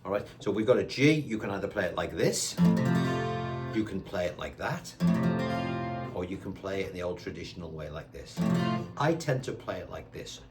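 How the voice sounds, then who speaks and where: Older guy teaching beginners guitar, kinda low voice, counting one and two, guitar strumming loud behind him. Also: animated, normal speed, pauses often. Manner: chatty, counts beats aloud while strumming. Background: his own acoustic guitar strumming.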